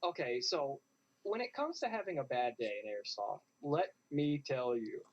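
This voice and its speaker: A man, a guest in an interview, telling a lively story and acting out what others said. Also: mid-range voice, normal speed. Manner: animated, acts out what others said. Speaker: interview guest, airsoft player. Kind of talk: casual storytelling. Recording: dull lo-fi sound.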